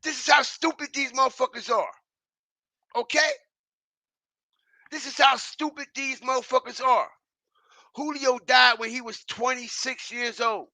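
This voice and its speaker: In a dry recording, a man with a very high, sharp voice delivers a profane, mocking online rant at an unhurried, steady pace, pausing often. He hammers his points emphatically, repeats himself, and keeps turning to his audience to check in.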